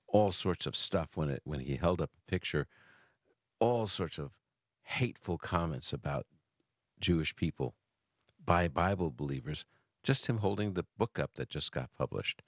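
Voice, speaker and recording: Very deep-voiced male radio host. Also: normal speed, no room sound, studio quality. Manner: earnest, with restarts and fillers. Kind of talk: call-in radio talk.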